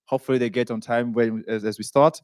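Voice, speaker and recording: A man's voice: medium pitch, steady tone, quick pace, a little mellow, no echo. Joking male event host, dry close sound. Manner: chatty and joking, stumbling over names. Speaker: master of ceremonies. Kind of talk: event hosting, introducing a panel. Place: conference hall.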